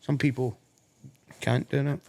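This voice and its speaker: A man's voice: medium pitch, level tone, a little slow, gravelly, warm tone. A Scottish man co-hosting a podcast, speaking earnestly and reflectively in casual chat. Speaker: podcast co-host. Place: podcast studio.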